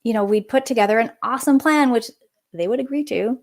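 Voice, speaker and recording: A woman in her forties, a naturopathic doctor and podcast guest, telling a personal story in a lively, conversational way and acting out the people she quotes. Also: a little high, a little fast.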